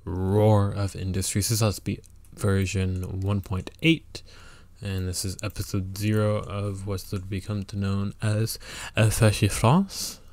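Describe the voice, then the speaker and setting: A man's voice: low voice, level tone, measured pace, a little mellow, no echo. A man hosting a let's play, giving casual strategy game commentary and thinking aloud with fillers and restarts.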